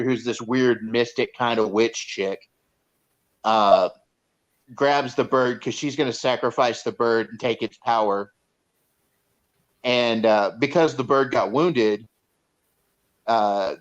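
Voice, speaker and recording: Rambling man retelling a movie, lo-fi. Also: mid-range voice. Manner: rambling storyteller with many fillers and restarts. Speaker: podcast co-host reviewing a movie. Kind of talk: casual chat, retelling movie scenes. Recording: dull lo-fi sound.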